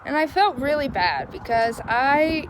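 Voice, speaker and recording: A young woman recording a casual vlog on her phone outside in the cold. She talks in a chatty, frustrated way with a fairly high voice and frequent laughs. Faint outdoor ambience sits behind her. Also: lively intonation, a little slow, noisy background. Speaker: vlogger.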